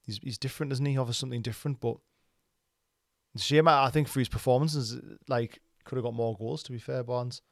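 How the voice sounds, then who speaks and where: A man with a gravelly voice chatting football on a podcast. He is easygoing and keeps tossing questions back at his co-host. The recording is dry and close. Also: mid-range voice, fairly even intonation, fast talker, dry recording. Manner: easygoing, chuckles a lot, ends points with tag questions. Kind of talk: casual football chat.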